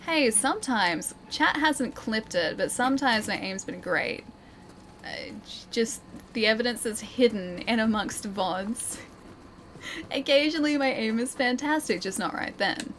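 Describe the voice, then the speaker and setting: A woman's voice: fairly high pitch, expressive, unhurried, fairly bright tone, a little hiss or hum. An Australian woman streaming a game live, chatting playfully, laughing often and answering her chat. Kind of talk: live gameplay commentary, reading chat.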